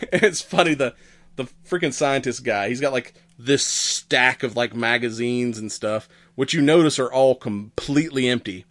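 Man, casual podcast recap, rambling and profane, mid-pitched voice, dry close sound. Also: unhurried, a bit bright, no echo. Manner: rambling, profane, acts out quoted characters with laughs. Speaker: podcast host. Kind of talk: casual movie recap chat.

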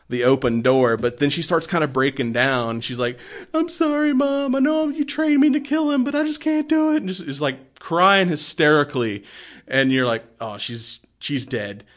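A man talks through a film scene by scene in loose, rambling chat at an ordinary middle pitch. He swears freely and laughs often as he goes. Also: a bit bright. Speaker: podcast co-host. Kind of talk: casual chat.

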